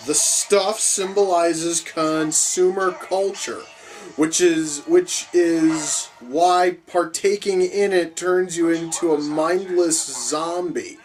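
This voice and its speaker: A man reviewing movies in a profane, sarcastic rant, swinging from mutters to high-pitched outbursts of disbelief. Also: low-quality recording. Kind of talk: profane reaction commentary.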